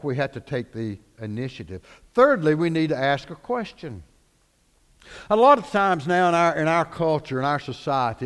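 Brief: animated male pastor preaching, slightly high voice, echoey hall. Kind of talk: sermon.

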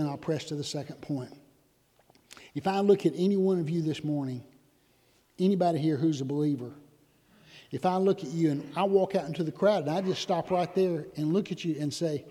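A man preaching a sermon in a church, animated and conversational with sudden loud outbursts. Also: fairly high pitch. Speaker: pastor. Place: church sanctuary. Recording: long hall reverb.

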